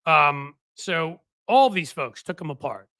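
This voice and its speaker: A man's voice: a little high, expressive, slow, pushed and bright, dry recording. A man hosting a political commentary stream in casual talk, mocking his target and quoting others in put-on voices.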